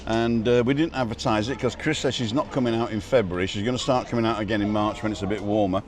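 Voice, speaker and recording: A man's voice: fairly low pitch, steady tone, fast, slight background noise. A middle-aged man hosting a casual live stream from a restaurant terrace on a wireless mic, chatting and reading out viewer comments with jokes. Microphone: wireless microphone.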